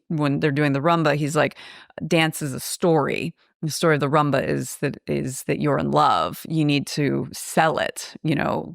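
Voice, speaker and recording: Woman podcast host, chatty plot recapper who acts out quotes, low and gravelly voice. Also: no echo, clean studio sound. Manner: chatty, animated retelling with quoted dialogue. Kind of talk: casual film recap.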